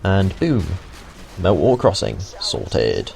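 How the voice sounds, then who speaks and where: Here a young UK gaming host speaks in a deep, slightly mellow voice at a moderate pace, with a little hiss or hum in the recording. He rambles jokingly through a casual gameplay walkthrough, adding asides and swearing now and then.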